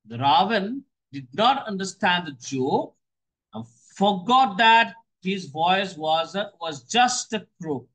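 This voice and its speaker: A man teaches a poem line by line in a notably high voice. He moves at an unhurried, deliberate pace. He keeps repeating words and asks questions that he then answers himself. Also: animated, a bit bright, poor audio. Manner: explains slowly, repeats phrases, asks and answers his own questions. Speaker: English teacher.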